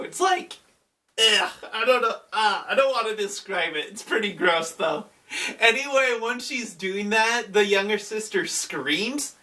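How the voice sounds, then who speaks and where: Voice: medium pitch, pushed and bright, distant mic. A video reviewer giving a casual, chatty recap of a horror episode, with plenty of fillers.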